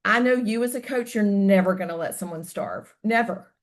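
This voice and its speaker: A woman's voice: mid-range voice, moderate pace. A woman guesting on a casual podcast, talking candidly and animatedly, telling personal stories and swearing casually. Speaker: podcast guest, host's wife.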